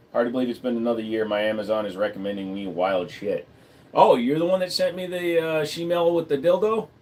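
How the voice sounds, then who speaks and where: A man hosting a casual livestream, talking bluntly and profanely and rambling as he reads chat comments aloud. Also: medium pitch. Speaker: livestream host.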